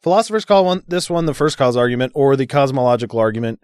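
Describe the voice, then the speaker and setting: A man's voice: mid-range voice, animated, fast, darkish tone, smooth, no echo, clean studio sound. Sarcastic man in casual chat. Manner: reads argument aloud, sarcastic asides, profane. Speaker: podcast co-host.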